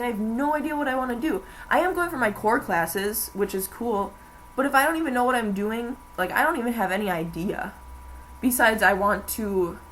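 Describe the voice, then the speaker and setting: A woman's voice: mid-range voice, a bit bright, low-quality recording. Young woman, rambling casual vlog talk, filler-heavy, faint hiss behind. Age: young adult. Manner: rambling, chatty, many fillers. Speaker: vlogger. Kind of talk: casual chat.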